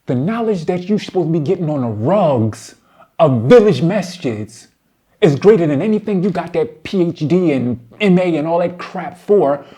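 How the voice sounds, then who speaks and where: Indignant man lecturing, higher-pitched voice. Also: breathy edge. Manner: indignant, lecturing, swings from low muttering to loud outbursts; addresses his target directly, slangy and blunt. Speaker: commentator responding to a debate. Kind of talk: heated reaction commentary.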